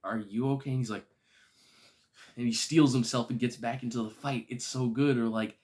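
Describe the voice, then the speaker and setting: A man casually reviewing a film, excitable and gushing, with slangy, enthusiastic speech. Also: medium pitch, moderate pace.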